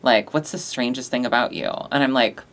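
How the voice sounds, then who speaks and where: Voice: medium pitch, fairly quick, a bit bright. A co-host in a casual chat, talking in a giggly, agreeable, playful way. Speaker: podcast co-host.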